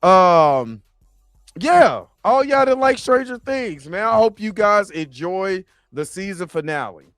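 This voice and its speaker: A man's voice: sits high, takes it slowly, no room sound, studio quality, soft background music. A man hosting a live stream, chatting casually and with animation straight to his viewers. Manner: animated, talks straight to the chat.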